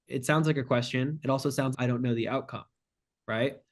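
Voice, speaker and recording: A man's voice: mid-range voice, steady tone, brisk. A man who is a sales closing expert, chatting as a podcast guest, direct and joking, acting out short phone exchanges as he talks. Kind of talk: casual podcast chat.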